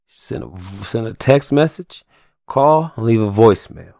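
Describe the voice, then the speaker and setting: A man's voice: fairly low pitch, expressive, unhurried, mellow, no room sound, studio quality. A young adult man hosting a solo podcast, talking in a passionate, profane rant full of slang. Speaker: podcast host.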